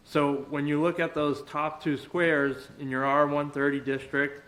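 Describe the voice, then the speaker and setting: A man explaining zoning districts on a plan to a board, steady and explanatory. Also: on the high side, a little slow, rough recording.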